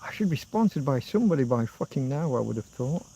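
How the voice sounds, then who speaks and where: A man's voice: medium pitch, sing-song, fast talker, vocal fry, warm tone, slightly rough, low-quality recording. A man in his fifties with an English accent, hosting a rambling livestream chat, reading out comments, swearing casually and now and then humming tunes. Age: 50s. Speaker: livestream host.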